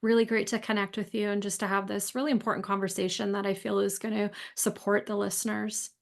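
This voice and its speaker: A woman appearing as a guest medium on a podcast, speaking calmly and affirmingly. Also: medium pitch, fast talker, creaky. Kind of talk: casual interview talk.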